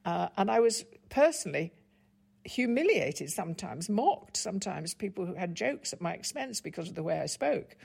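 An older woman, reflecting on her life at an articulate, measured pace in an interview. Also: on the low side, sing-song, vocal fry, darkish tone, breathy edge. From England, Stockport. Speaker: guest, broadcaster.

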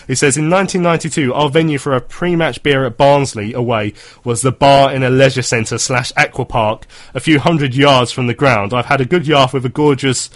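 A man's voice: mid-range voice, steady tone, a little fast, hardly any pauses. A man in his thirties hosting a casual football chat, chatty and laughing often as he reads out listener messages. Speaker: football podcast host.

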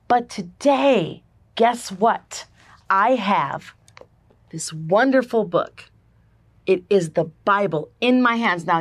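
Chatty american lady doing a bible study talk, middle pitch, dry sound. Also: no room sound. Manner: warm and chatty, emphatic lists. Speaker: podcast host and ministry founder.

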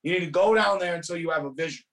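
A man voicing a stern, zealous middle-aged father who mutters low, profane threats. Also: rapid-fire, fairly bright tone, distant mic, close to an everyday voice, poor audio. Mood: menacing.

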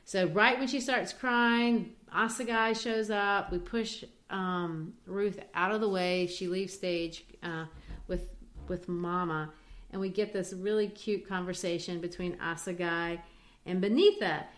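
A woman from Brazil talks through a play's scenes in an animated, conversational way, quoting lines as she goes. Her voice sits somewhat low. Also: measured pace. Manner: animated storytelling, quoting characters. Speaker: guest discussing a play. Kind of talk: conversational literature discussion.

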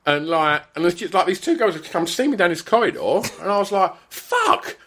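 A man's voice: high-pitched, quick pace, a little hiss or hum. A middle-aged man telling a story in casual chat, swearing freely and acting out what people said. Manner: animated, swears freely, acts out quotes.

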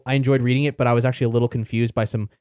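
A man's voice: medium pitch, flat delivery, rapid-fire, darkish tone, dry recording. A man hosting a podcast, chatting casually and rambling about books he has read, with the odd swear word. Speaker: podcast host reviewing books. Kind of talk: casual chat.

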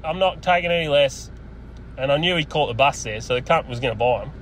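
A man's voice: medium pitch, fast, a bit bright, a little hiss or hum. An Australian man telling a crude, laughing yarn in a voice message, recorded outdoors on a phone. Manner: crude, laughing storyteller, puts on voices for others. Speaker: caller telling a story.

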